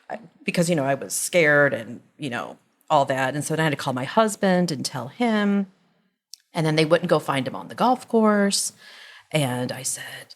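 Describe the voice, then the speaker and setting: A middle-aged woman with a notably low, deep voice, telling a long story on a podcast. She rambles and animates the retelling, chatting casually with her co-host. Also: animated, normal speed.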